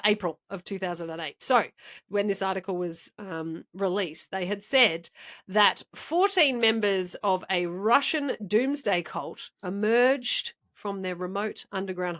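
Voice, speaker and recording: A woman's voice: mid-range voice, unhurried, a bit bright. A woman co-hosting a podcast, telling a story in a rambling, chatty way and laughing often. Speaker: podcast co-host. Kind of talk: casual podcast chat.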